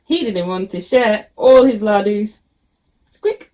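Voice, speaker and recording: A woman teacher reading a picture book aloud to children, expressive and with frequent ums. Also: medium pitch, takes it slowly.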